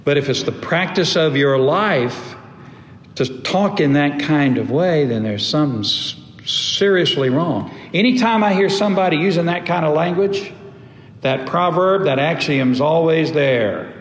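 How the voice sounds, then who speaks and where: A middle-aged man preaching a sermon as a pastor, emphatic, with long pauses and sudden drops to a low voice. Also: lively intonation. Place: church sanctuary. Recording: echoey hall, faint room ambience.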